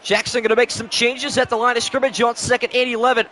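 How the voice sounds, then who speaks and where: A man's voice: extremely high pitch, flat delivery, fast talker, sharp tone, a little hiss or hum. A young man calling play-by-play on a live stream, switching between announcer-style calls and casual chat with viewers, short on sleep.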